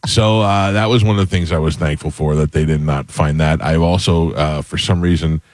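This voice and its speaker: A man hosting a podcast, chatting in a relaxed, rambling way. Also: a bass voice, normal speed, no room sound. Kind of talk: casual podcast chat.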